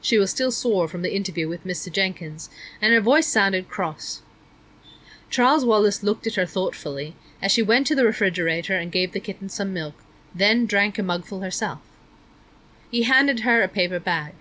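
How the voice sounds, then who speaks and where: A woman reads a story aloud as an audiobook narrator. Her voice sits at a middle pitch, and her delivery is measured and even. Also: low-quality recording.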